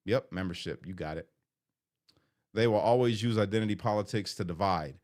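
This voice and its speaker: A man with a lowish voice talks casually on a live stream, reading out viewer comments and answering them one by one. He is chatty and informal, and his voice jumps higher and louder when something excites him. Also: brisk.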